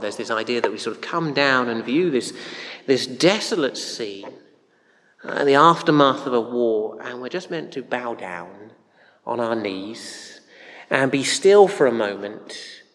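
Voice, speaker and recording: A man's voice: mid-range voice, expressive, measured pace, a bit bright. A man preaching a sermon in a loose, conversational way, with anecdotes and frequent ums and uhs. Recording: echoey hall with long reverb.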